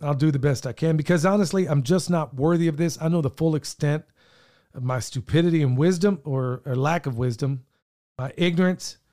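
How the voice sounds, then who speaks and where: Dude co-hosting a podcast, kinda high but mellow voice, rambly and earnest, voice getting worn out. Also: male voice, brisk. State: voice wearing thin. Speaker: podcast co-host. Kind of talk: casual podcast chat.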